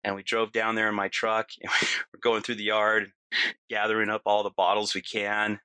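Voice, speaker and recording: Guy telling a wild story casually, acts out the quotes, bright voice, keeps saying you know. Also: fairly low pitch, monotone, moderate pace, clean tone, no echo.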